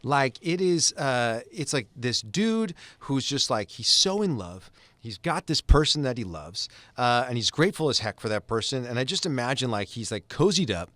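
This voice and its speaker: Animated man riffing on a podcast. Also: mid-range voice, normal speed, no echo. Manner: animated, expressive storyteller. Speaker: podcast co-host. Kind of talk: casual chat.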